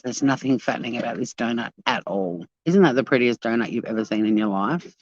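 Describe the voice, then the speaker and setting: A woman's voice: rumbling low, a little fast, no room sound. An Australian woman chatting casually to her live-stream viewers at a beachside cafe, bubbly and talkative. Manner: chatty, bubbly, talks to chat while walking. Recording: dull lo-fi phone audio.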